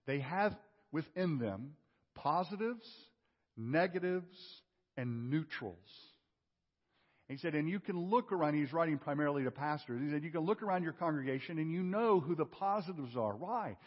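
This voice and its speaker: A male pastor preaching a sermon, asking rhetorical questions and swinging from loud emphasis to hushed tones. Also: fairly high pitch, animated, moderate pace, slightly rough. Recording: dull audio with long hall reverb.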